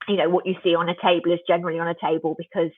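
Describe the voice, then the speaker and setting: A woman's voice: fairly low pitch, little pitch movement, very fast, slightly rough, no echo. A woman, a guest author, talking reflectively in an interview, often restarting her sentences. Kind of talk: conversational interview. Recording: tinny dry phone line.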